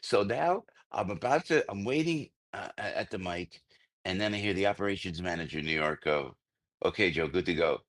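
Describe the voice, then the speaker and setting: An older radio host, a man, telling a story as a guest in an excitable, rambling way, full of restarts and stammers. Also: on the low side, fairly quick. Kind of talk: phone-in radio interview, storytelling.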